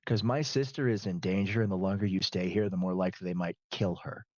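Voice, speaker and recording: A man's voice: sits low, fairly even intonation, fast, darkish tone, no echo, highs cut off, close to an everyday voice. A man playing a panicky young man. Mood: urgent. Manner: panicky, pleading. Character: anxious young man guarding his hostage sister.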